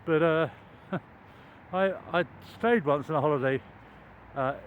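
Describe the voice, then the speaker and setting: A man's voice: on the high side, measured pace, phone-quality sound, a little hiss or hum. An older man telling a meandering, self-deprecating story while walking outdoors, with many ums and restarts. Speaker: vlogger. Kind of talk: rambling anecdotal chat while walking. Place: outdoors in a wooded cricket ground.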